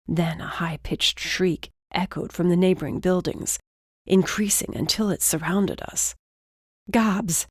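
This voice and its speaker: A woman narrating an audiobook in a steady, measured reading. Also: fairly low pitch, husky, no echo, studio quality. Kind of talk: scripted narration.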